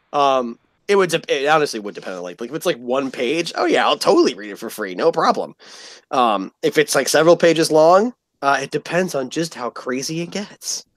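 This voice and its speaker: A man hosting a loose online show, ribbing his friends with crude, playful jokes. His voice sits a little high. The sound is dry and close, with no room around it. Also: sing-song, moderate pace, no room sound. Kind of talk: casual crude stream banter.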